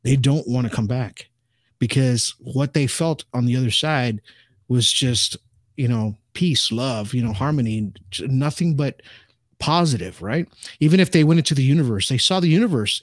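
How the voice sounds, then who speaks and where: Rambling man, frequent restarts, dry close recording, even middle pitch. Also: moderate pace, dry recording. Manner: rambling, many restarts and "you know". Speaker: podcast guest, ufologist. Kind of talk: casual interview talk.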